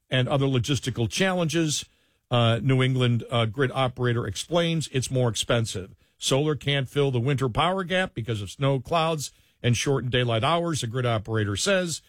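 A man's voice: medium pitch, dry recording, studio quality. A man hosting an opinionated political talk radio show, sarcastic and mocking as he riffs on the news. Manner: sarcastic, mocking, mimics opponents.

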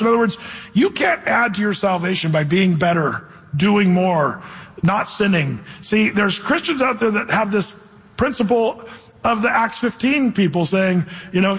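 A man's voice: high-pitched, moderate pace, fairly bright tone, slightly rough, in a large hall, low-quality recording. A man preaching a sermon as pastor, speaking emphatically and conversationally and acting out quotes.

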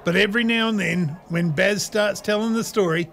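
An actor playing the narrator Darren, telling the story in a dry, wry way. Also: male voice, high-pitched, normal speed, creaky, a bit bright.

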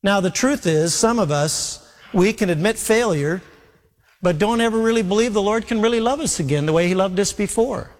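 Man, pastor, earnest sermon, slightly high voice, long hall reverb. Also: moderate pace. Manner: earnest preaching, voicing Jesus' words to Peter in quotes.

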